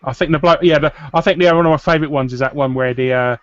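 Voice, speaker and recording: A man's voice: a little high, quick pace, dry recording. A man on a live stream chatting bluntly and joking with the other guests. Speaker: guest YouTuber. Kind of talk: casual live-stream chat. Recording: dull dry lo-fi sound.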